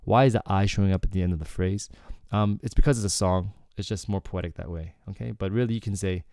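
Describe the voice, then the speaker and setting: A man teaching Korean through song lyrics in a relaxed, explanatory way, often checking in with "okay" and filling with "like". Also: sits low, quick pace, smooth, no echo, clean studio sound. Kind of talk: casual lyrics breakdown lesson.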